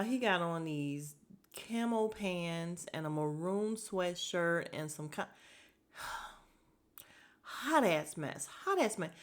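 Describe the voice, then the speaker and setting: A woman hosting a podcast, giving a casual, blunt and opinionated recap of a reality dating show and talking straight to her listeners. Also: fairly low pitch. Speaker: podcast host.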